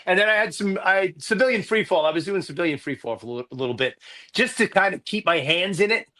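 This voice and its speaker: Casting: man in his fifties, bright forceful tone, raised pitch, animated storyteller. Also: quick pace. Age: 50s. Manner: animated, self-deprecating, many restarts. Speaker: Army chaplain and priest guest. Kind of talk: conversational storytelling.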